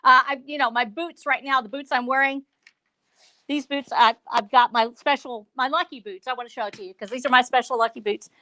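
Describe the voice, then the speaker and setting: Woman, fifties, high voice, playful and theatrical, casual interview chat. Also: steady tone, brisk, pushed and bright. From Texas. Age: 50s. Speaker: author guest.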